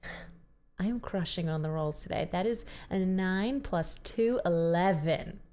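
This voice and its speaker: Brief: female player, slow measured speech, dry deadpan in-character lines. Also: fairly low pitch, smooth. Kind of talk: in-character tabletop play.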